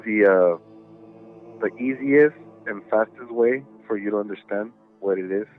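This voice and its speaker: Guy rambling thru a ghost story, low voice, cusses a lot, sounds like a phone line with faint music. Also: a little slow. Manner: rambling, profane, many fillers. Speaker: podcast guest. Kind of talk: casual storytelling.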